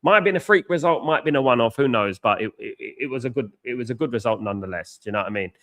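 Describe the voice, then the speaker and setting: A man's voice: mid-range voice, expressive, racing, a bit bright. A man hosting a live football watchalong, chatting casually, thanking viewers and often repeating himself. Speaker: watchalong host.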